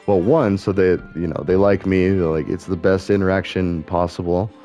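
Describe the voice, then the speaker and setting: A man's voice: low voice, steady tone, moderate pace, mellow, soft background music. A middle-aged man talking in rambling, casual commentary as he plays a game, musing aloud and correcting himself as he goes. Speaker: gaming streamer.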